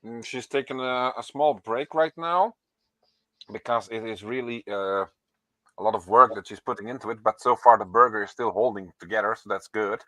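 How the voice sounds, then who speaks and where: Man explaining calmly, dry close sound. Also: fairly low pitch, normal speed, dry recording. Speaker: father showing his daughter's build. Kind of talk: casual chat on a modelling stream.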